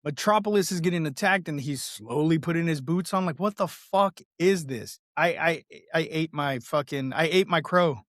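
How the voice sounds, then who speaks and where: A man's voice: fairly high pitch, normal speed, hardly any pauses, a bit bright, no echo, clean studio sound. A man co-hosting a podcast who rants heatedly in casual banter, swearing constantly. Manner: heated, profane ranting. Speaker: podcast co-host.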